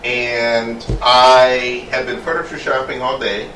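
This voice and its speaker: A gay man talking in casual conversation with a bright, forceful tone. His emphatic, animated delivery carries through a roomy space, and he sits a little away from the mic. Faint noise hums under him. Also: medium pitch, slow pace, distant mic. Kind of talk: casual chat.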